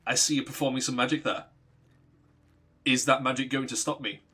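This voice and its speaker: A man's voice: mid-range voice, steady tone, fairly quick, pushed and bright, husky. A man voicing a bored, cheerful, bloodthirsty immortal man, speaking in a casual, offhand way. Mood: eager.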